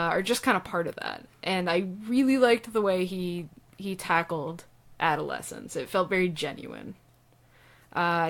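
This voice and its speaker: Woman cohosting a movie podcast, lively, laughs a lot, lots of likes and ums. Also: medium pitch. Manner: animated, laughing, many fillers. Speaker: podcast co-host. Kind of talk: casual film discussion.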